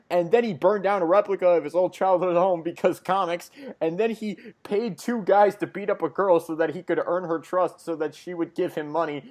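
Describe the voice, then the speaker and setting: A man's voice: high voice, darkish tone. A man co-hosting a podcast in casual chat, adding dry sarcastic asides. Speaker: podcast co-host.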